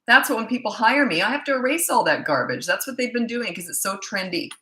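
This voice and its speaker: A woman's voice: a little high, lively intonation, fast, sharp tone, reverberant. A woman parenting coach giving blunt, emphatic advice in a casual monologue, repeating her points for stress.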